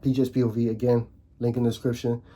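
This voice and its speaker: A young man hosting his own channel, ranting casually to camera in a fired-up way, stumbling and repeating words, his voice leaping higher on emphatic points. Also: level tone, fast, warm tone. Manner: frequent restarts and repeated words. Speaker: video host.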